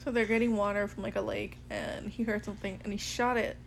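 A woman's voice: medium pitch, flat delivery, fast talker, gravelly, a little hiss or hum. A young woman co-hosting a casual movie podcast, talking loosely with lots of fillers and swearing, recorded on a phone. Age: young adult. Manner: casual, filler-heavy, swears, laughs often. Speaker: podcast co-host. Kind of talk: casual chat watching a movie.

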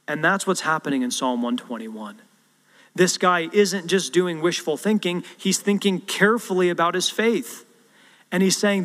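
A man's voice: fairly high pitch, moderate pace, fairly bright tone. A male pastor preaching a sermon and telling a story, acting out the quotes as he goes. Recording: long hall reverb.

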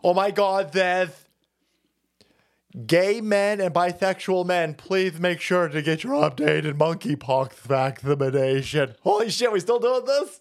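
A man's voice: high-pitched, takes it slowly. A man in his forties hosting a livestream, delivering a profane, mocking comedic rant and laughing often. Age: 40s. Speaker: livestream host.

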